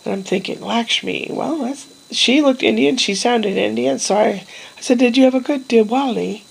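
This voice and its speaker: A middle-aged woman vlogging casually, telling a rambling personal story in a meandering, wistful way with pauses and trailing sighs. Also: fairly high pitch, creaky, breathy edge, low-quality recording.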